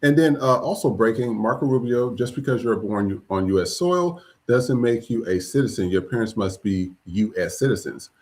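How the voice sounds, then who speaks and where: A man's voice: medium pitch, animated, moderate pace, few pauses, darkish tone. A man co-hosting a podcast, talking in a blunt, sarcastic way. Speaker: podcast co-host. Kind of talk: casual podcast talk.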